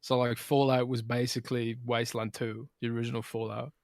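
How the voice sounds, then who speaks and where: A man's voice: medium pitch, fairly quick, no room sound, clean studio sound. A man co-hosting a gaming podcast, talking casually and enthusiastically with lots of fillers. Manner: animated, enthusiastic, rambling with fillers. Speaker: podcast co-host. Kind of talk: casual chat.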